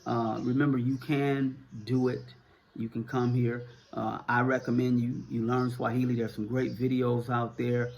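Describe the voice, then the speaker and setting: A man's voice: medium pitch, level tone, normal speed, darkish tone, lo-fi sound. A middle-aged American man with a Northern US accent, answering viewer questions in a casual, rambling talk full of fillers and repeated words. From United States.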